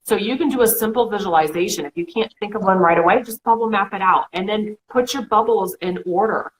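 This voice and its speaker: A woman's voice: medium pitch, a little fast, slight background noise, poor audio. A woman in her thirties co-hosting a casual coaching chat, talking through examples with lots of "okay" and "you know". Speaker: co-host.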